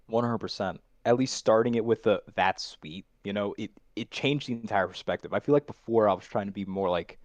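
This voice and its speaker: A man, a voice acting student, reflecting on his performance in a casual coaching chat and speaking quickly when he explains. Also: fairly low pitch, darkish tone, dry recording.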